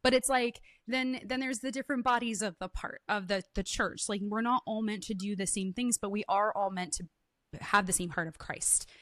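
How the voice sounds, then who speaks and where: A woman's voice: mid-range voice, moderate pace, no echo. Woman host chatting about faith, jumps into voices for quotes, dry close mic. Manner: animated storytelling, acts out quotes in lively voices. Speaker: podcast host. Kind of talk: casual faith conversation.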